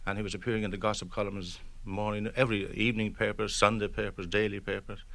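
Man, reminiscing interview, anecdotal, hesitant restarts, lowish bright voice, dry sound. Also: flat delivery, quick pace, vocal fry, no echo.

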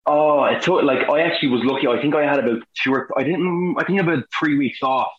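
An Irish actor, interviewed as a guest, chats casually and tells animated stories, acting out the quotes in them. His voice is on the high side and he talks fast, with roomy, lo-fi sound.

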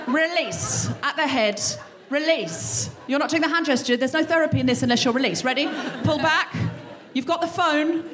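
A woman's voice: high voice, a bit bright. A woman hosting a live comedy podcast on stage, talking straight to the crowd, swearing a lot and acting out both sides of a row herself. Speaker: podcast host. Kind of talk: live stand-up monologue. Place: concert hall in front of a live audience.

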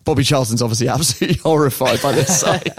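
A man hosting a podcast, telling a story in a lively casual way and often laughing. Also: medium pitch, fast talker, breathy edge, no room sound, clean studio sound. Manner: lively, laughs often, mimics people in quotes.

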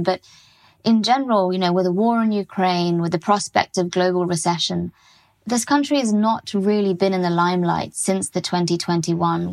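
A woman correspondent answering interview questions on a news podcast, measured and analytical, with some fillers. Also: lowish voice.

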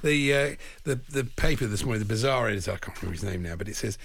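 A man's voice: fairly low pitch, expressive, racing, vocal fry, fairly bright tone, a little hiss or hum. A man hosting a casual studio chat who laughs often and moves the talk to new topics.

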